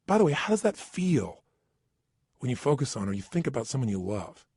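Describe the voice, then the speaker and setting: A middle-aged man giving an energetic motivational talk into a studio microphone, emphatic and questioning the listener directly. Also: a little high, moderate pace, slightly rough, no room sound. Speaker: motivational speaker.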